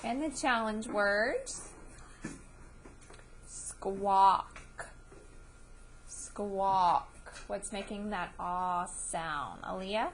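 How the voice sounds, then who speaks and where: A woman teaching a classroom spelling lesson, patiently repeating each word and letter sound clearly for her students. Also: medium pitch, slow, a bit bright, a little hiss or hum. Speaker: elementary school teacher.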